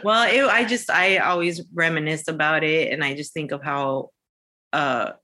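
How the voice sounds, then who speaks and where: A woman's voice: deep voice, normal speed, bright, forceful tone. A woman guest on a podcast in casual chat, reminiscing in a laid-back way.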